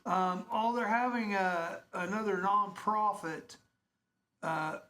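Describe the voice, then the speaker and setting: A man hosting casual local radio, chatty and rambling and quick to laugh. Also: high-pitched, pushed and bright.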